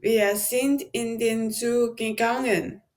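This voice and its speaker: A woman's voice: on the high side, fairly even intonation, takes it slowly. A woman practicing German in a lesson, carefully repeating words after the teacher. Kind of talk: language lesson.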